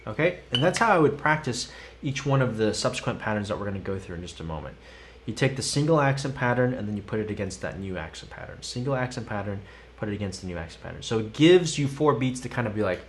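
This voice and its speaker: A man's voice: on the low side, lively intonation, fast talker, a little hiss or hum. A man teaching a live-streamed drum lesson, chanting counts and stickings in a sing-song way between explanations. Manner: sings counts and sticking aloud while demonstrating. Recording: loud instrument and metronome behind.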